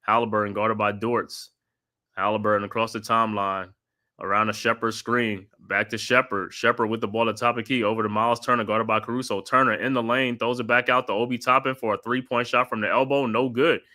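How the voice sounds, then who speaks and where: Bright-voiced man calling live play-by-play. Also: lowish voice, brisk. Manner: steady running call with casual asides. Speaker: watch party host calling the game.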